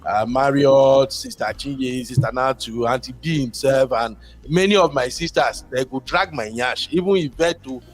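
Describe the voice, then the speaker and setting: A man's voice: mid-range voice, normal speed, soft background music. A man from Nigeria with a Nigerian accent, calling in to a show and talking casually at length, slipping pidgin into his English. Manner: rambling, mixes pidgin into English. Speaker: caller. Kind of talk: casual call-in talk.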